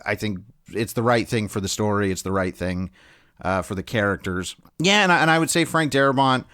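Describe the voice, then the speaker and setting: A man's voice: on the low side, animated, a little fast, a bit bright. A man co-hosting a podcast, talking loosely in a casual film discussion, with lots of "um" and restarts. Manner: loose and chatty, many fillers and restarts. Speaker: podcast co-host.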